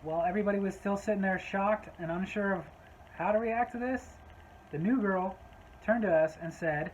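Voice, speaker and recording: A woman's voice: medium pitch, normal speed, darkish tone, highs cut off, a little hiss or hum. Woman storyteller, casual vlog delivery, wry and exasperated tone. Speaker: storyteller, former gas station clerk.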